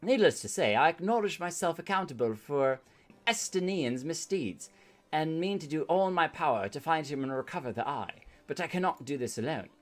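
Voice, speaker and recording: A man's voice: fairly high pitch, animated, moderate pace, natural voice. A man voicing a grave older knight who once was a dragon-riding warrior, reading game dialogue aloud with a put-on English accent in a solemn, formal way.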